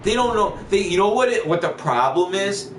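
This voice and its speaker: A man's voice: sits high, lively intonation, a little fast, echoey room, noisy background. A man chatting casually on a gaming livestream, rambling through a profane rant with lots of restarts and fillers. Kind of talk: casual chat while streaming.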